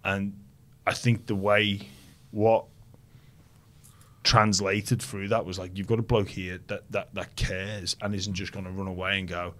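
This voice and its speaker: Low-voiced male podcast host, blunt. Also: level tone, measured pace, a bit bright. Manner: blunt, swears casually, reflective. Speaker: podcast host, former player. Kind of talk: casual interview.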